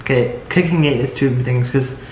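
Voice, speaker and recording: A man's voice: medium pitch, a little mellow. Interjecting man in an echoey room. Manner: interjecting, quick to apologize. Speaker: co-host. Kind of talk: casual chat. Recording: echoey room with faint noise.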